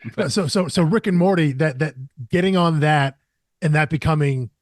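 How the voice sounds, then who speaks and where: A man co-hosting a podcast, asking questions in a casual, halting way with repeated words. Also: fairly high pitch, no echo, studio quality. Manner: hesitant, repeats words while forming questions. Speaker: podcast co-host. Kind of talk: casual interview chat.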